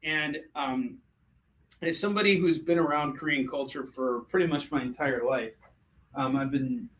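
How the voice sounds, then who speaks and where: Animated American man with fillers. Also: mid-range voice, normal speed, slight background noise, low-quality recording. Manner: animated, jokey, hesitant with fillers. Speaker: host selling comics. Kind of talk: casual livestream chat.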